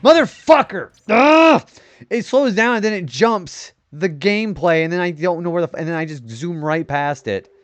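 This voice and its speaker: A man's voice: on the high side, a little fast, no room sound, faint music behind. A young man streaming a retro game, rambling casually about his day and swearing when he misses a turn. He describes his own voice as nerdy. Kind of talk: casual gaming stream chat.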